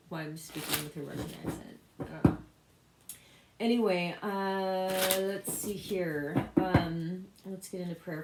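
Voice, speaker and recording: A woman's voice: fairly low pitch, slow pace. A woman giving a casual spiritual tarot reading, rambling with loose asides and self-interruptions. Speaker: tarot reader. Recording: echoey room with loud background noise. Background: card shuffling clicks.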